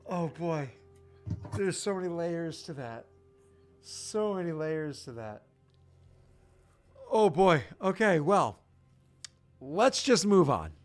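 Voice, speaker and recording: A man's voice: fairly high pitch, lively intonation, takes it slowly, long pauses, soft background music. A man narrating a tabletop game as game master, in a loose, chatty way full of fillers. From United States.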